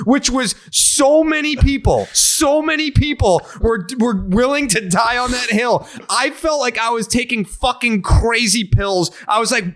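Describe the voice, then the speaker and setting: A man's voice: high voice, fairly bright tone. A man hosting a podcast, ranting profanely and with heat in casual chat. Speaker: podcast host.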